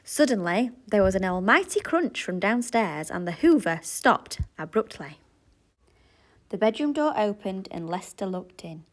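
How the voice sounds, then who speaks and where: Expressive woman teacher reading a story. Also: medium pitch, measured pace. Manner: expressive, clear. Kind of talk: storybook read-aloud.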